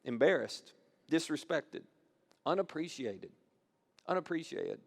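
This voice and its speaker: A man's voice: on the high side, lively intonation, a little slow, gravelly. A male pastor giving a conversational sermon. He repeats phrases for emphasis and acts out quoted lines as he talks.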